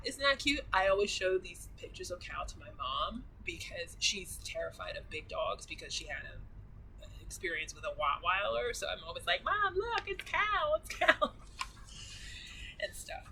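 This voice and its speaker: A woman's voice: a little high, pushed and bright, a little hiss or hum, poor audio. A woman vlogger chatting casually and gushingly, rambling with many restarts. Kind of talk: casual chat.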